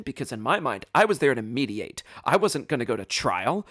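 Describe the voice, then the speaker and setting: A man hosting a podcast, telling a personal story in an animated, self-deprecating way, with plenty of ums and restarts. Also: mid-range voice, fairly quick, few pauses, no echo, studio quality. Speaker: podcast host.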